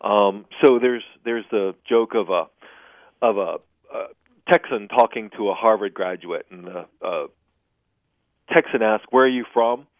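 A man being interviewed as a humor expert, explaining jokes in an animated way and laughing at his own punchlines, heard over a phone line. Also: fairly low pitch, unhurried, long pauses, no room sound. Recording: dry, tinny phone line.

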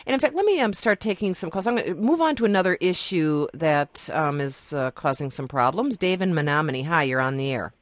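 Call-in show host, halting delivery, ums and restarts, dry studio recording. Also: mid-range voice, animated, no echo. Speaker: radio talk show host. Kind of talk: public radio call-in talk.

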